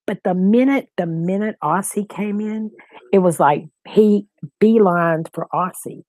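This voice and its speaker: A woman's voice: mid-range voice, measured pace, a little mellow, no echo. A woman co-hosting a livestream, talking straight to her viewers in casual chat and laughing often. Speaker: livestream co-host. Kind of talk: casual live-chat talk.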